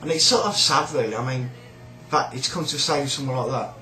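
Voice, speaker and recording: A man's voice: mid-range voice, quick pace, pushed and bright, reverberant, soft background music, rough recording. A man with a British accent ranting in a sneering, rambling, sweary way about a coworker. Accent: British English. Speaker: shop worker. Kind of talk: casual rant.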